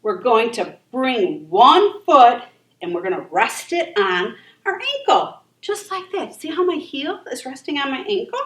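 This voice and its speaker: A woman leading a children's yoga class in a library room, gentle and encouraging. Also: high-pitched, very animated, unhurried. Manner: encouraging, gentle and sing-song. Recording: echoey room, voice from far off.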